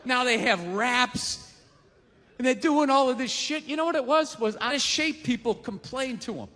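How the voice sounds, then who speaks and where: A man in his forties doing a stand-up comedy routine on a live stage, ranting, swearing and often shouting. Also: very high-pitched, moderate pace. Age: 40s. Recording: live show with reverb and crowd noise.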